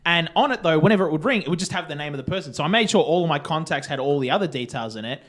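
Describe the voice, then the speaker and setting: Fast-talking podcast man. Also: fairly high pitch. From Australia. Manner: rambling, swears freely, animated storytelling. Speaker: podcast co-host. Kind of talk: casual chat.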